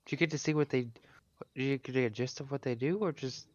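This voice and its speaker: A man's voice: medium pitch, quick pace, no room sound. A man playing a tabletop game, casual and joking. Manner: playful, joking. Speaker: player. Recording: dull dry close sound.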